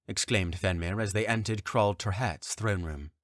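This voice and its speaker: A man narrating a fantasy audiobook in a calm, even, deliberate reading style at a close mic. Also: fairly low pitch, no echo.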